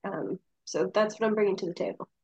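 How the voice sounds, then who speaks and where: A woman's voice: mid-range voice, brisk, darkish tone. A woman co-hosting a podcast in casual chat while sick with the flu, speaking hesitantly with many ums. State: has the flu. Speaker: podcast co-host.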